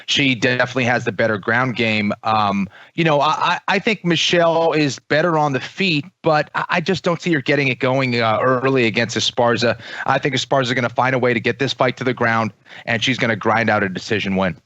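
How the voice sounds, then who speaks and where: A man co-hosts a fight-preview podcast and breaks down each bout in a measured way, often pausing with "um" and "you know." The sound is muffled and dry, with no room around the voice, as if from a remote line. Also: mid-range voice, steady tone, sharp tone, no echo. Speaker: podcast co-host, fight analyst. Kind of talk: casual fight analysis.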